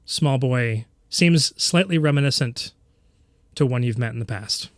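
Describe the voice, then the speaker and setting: A man's voice: mid-range voice, measured pace, dry recording. A man narrating a tabletop game as game master, rambling with many fillers and laughing often.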